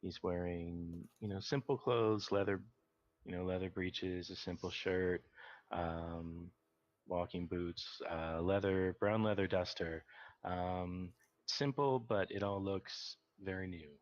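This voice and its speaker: A man with a deep voice describes his character slowly and hesitantly, with many fillers. The audio is dry, dull and lo-fi, like voice chat. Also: steady tone, no echo. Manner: slow, hesitant, lots of fillers. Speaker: player.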